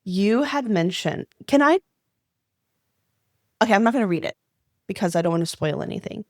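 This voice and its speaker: A woman co-hosts a podcast in an excitable, chatty way, her feelings running close to the surface. Her voice sits at a middling pitch and is captured dry and close with no room echo. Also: moderate pace. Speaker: podcast co-host. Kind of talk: casual interview chat.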